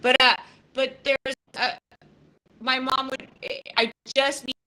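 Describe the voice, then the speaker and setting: A woman's voice: high voice, level tone, slow, sharp tone, poor audio. A woman in her fifties hosting a live podcast, talking in a raw, emotional and profane way, near tears and restarting her sentences often. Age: 50s. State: close to tears. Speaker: podcast host. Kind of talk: casual live podcast talk.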